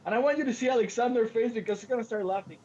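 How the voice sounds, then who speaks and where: A man co-hosting a podcast, telling stories in an animated way and acting out the quotes, with frequent restarts. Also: extremely high pitch, racing. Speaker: podcast co-host. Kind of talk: casual podcast chat. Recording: lo-fi podcast audio.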